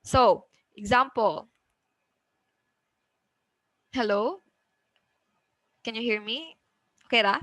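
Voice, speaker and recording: A woman's voice: fairly high pitch, takes it slowly, pauses often, a bit bright, no room sound, low-quality recording. A Filipino woman with a Cebuano accent teaching an online class. She checks in with "okay?" all the time and mixes English with Cebuano.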